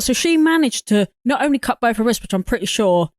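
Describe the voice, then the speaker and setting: A woman's voice: high-pitched, animated, fast, dry recording. A woman co-hosting a casual movie review podcast, incredulous and mocking, swearing at the film's logic. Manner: incredulous, swears, mocks the film. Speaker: podcast co-host.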